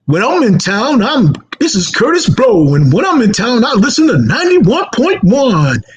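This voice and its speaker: A man's voice: extremely high pitch, wildly swooping pitch, normal speed, pitched above the performer's own voice, heavily acted. A man imitating a friendly male rapper's showy, raised stage voice while telling a story.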